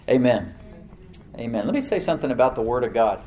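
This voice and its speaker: A man preaching a sermon as pastor of his church, conversational, with repeated words and restarts, swinging from loud emphatic bursts to low quiet asides. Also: sing-song, fast, echoey room, a little hiss or hum.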